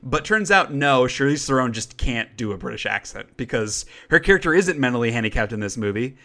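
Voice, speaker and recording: Chatty man with a bright voice. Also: mid-range voice, lively intonation, fairly quick. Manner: chatty, rambling, with frequent fillers and restarts. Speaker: podcast co-host. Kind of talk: casual chat reviewing movies.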